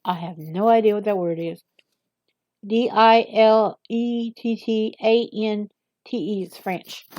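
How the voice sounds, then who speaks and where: A woman reading a text aloud slowly, stumbling over words and breaking off for quick casual asides. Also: medium pitch, steady tone, warm tone, dry recording. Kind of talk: halting read-aloud with asides.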